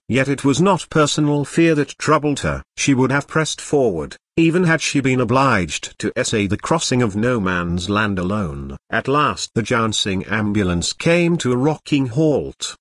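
A synthetic male voice narrates a novel with husky grain and a lively, rising and falling pitch. The delivery is even and unhurried, and the sound is dry and close, with no room around it. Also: dry recording. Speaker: audiobook narrator.

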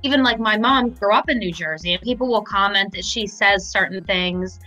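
A woman's voice: mid-range voice, normal speed, pushed and bright, soft background music, rough recording. A woman co-hosting a podcast, chatting casually with short easygoing replies. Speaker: podcast co-host. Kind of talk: casual chat.

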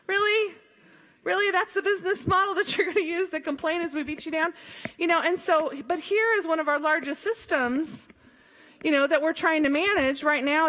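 Woman, middle-aged, from Missouri, high-pitched, emphatic and jokey, conversational forum speech. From Columbia, Missouri. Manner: lively, emphatic, jokey, with laughs and rhetorical questions. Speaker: association leader speaking at a forum.

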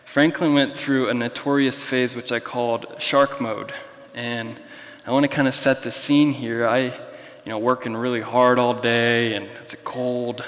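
A young pastor preaches in a relaxed, storytelling manner at an ordinary pitch. His voice rings in a long reverberant church hall. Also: unhurried. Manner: conversational, storytelling. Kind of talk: sermon.

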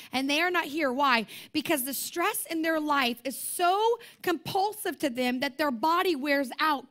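A woman's voice: high voice, bright, forceful tone. A young woman preaching at a conference, talking to the room in a passionate, conversational way and repeating her points. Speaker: conference speaker. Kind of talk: sermon.

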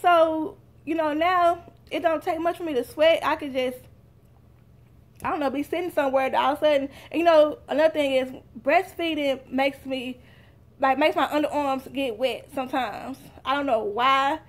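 A woman's voice: high voice, moderate pace. A young woman, chatting straight to her viewers in a casual haul vlog. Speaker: vlogger.

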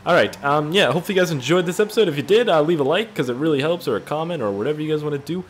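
A man's voice: on the high side, animated, racing, slight background noise. A young man hosting a gaming video with crude, joking, rambling commentary.

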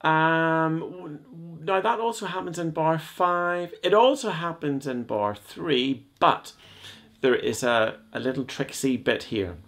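A man's voice: on the high side, slow pace, a bit bright. A man teaching cello in a video lesson, explaining step by step in a chatty, joking way.

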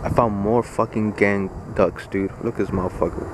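Excitable young man vlogging outside. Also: on the low side, normal speed. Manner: excitable, slangy, talks straight to viewers. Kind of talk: casual outdoor vlog chat. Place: outdoors by a waterfront in drizzle. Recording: outdoor phone audio with street noise.

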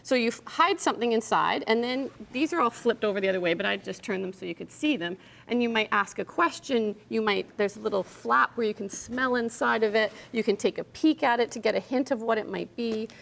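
A woman's voice: fairly high pitch, brisk, gravelly, fairly bright tone. A woman in her thirties, a toy shop owner demonstrating games as a guest in a TV news studio, upbeat and explanatory. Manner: upbeat, explanatory, laughs often.

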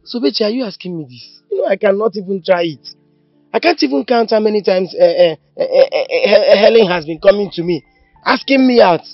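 A man's voice: high voice, animated, brisk, dry recording, highs cut off, faint music behind. An actor with a Nigerian accent playing a distressed young man who stammers as he pleads that he never cheated. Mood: pleading.

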